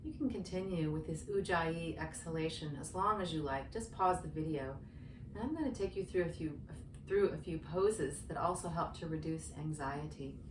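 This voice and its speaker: A woman who works as a yoga therapist, guiding a breathing practice in a slow, gentle, soothing manner. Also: low-pitched, noisy background. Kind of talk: guided breathing instruction. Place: indoor room with yoga mat. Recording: roomy, distant from the mic.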